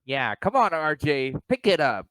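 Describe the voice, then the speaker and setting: A man co-hosting a casual wrestling review chat, animated and quick to mimic others. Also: a little high, no room sound. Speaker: podcast co-host.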